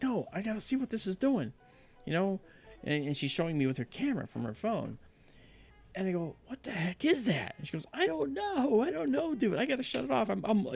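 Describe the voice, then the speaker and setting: A man hosting a livestream, telling a story in casual chat and acting out quotes in high voices. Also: gravelly. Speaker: livestream host.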